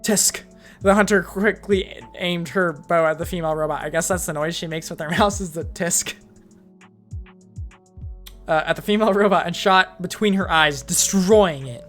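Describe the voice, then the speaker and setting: A woman reads fan fiction aloud in a casual live-stream manner. Her voice sits on the low side, and she breaks in with blunt, profane side comments. Soft music plays faintly underneath. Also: normal speed.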